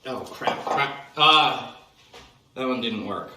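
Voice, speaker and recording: A man's voice: mid-range voice, slow, pushed and bright. A man hosting a sponsored bit on video, talking hesitantly with many ums and uhs. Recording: echoey room, far from mic.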